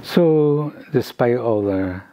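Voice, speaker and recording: An older man from Scotland telling a family story in an oral history interview, halting and rambling with frequent restarts. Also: mid-range voice, lively intonation, mellow.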